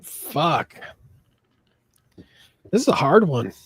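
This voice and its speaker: A man co-hosting a casual party-game chat, tipsy, loud and full of swearing banter. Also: fairly high pitch, big pitch swings, extremely slow, breathy edge, no room sound, studio quality. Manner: drunk, loud, profane banter. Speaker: podcast co-host.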